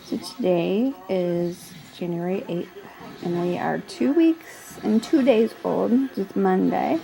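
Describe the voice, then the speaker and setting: Slow, cooing young mother with gravelly fry. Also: fairly low pitch, lively intonation, poor audio. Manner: soft cooing baby talk. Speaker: new mother filming her baby. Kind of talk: home video baby talk. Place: living room at home. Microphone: handheld camcorder.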